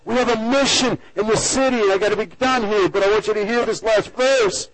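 A man preaching a sermon as a pastor, swinging between loud exhortation and hushed near-whispers. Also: high voice, fairly quick, hardly any pauses, a little hiss or hum, poor audio. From United States.

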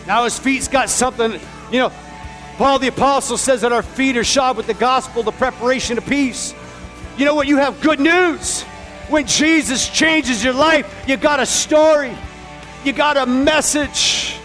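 A man delivers a sermon in a notably high voice, hammering phrases again and again and rising to shouts. Soft music plays faintly behind him. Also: normal speed. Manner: emphatic, repetitive, rising to shouts. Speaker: preacher.

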